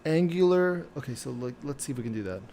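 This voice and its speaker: A man on a live coding stream thinks aloud in a gravelly, fry-edged voice. He stops and starts, mutters, and questions himself as he works, at a middling pitch with a faint hum of noise behind him. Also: lively intonation, fast talker, dark tone.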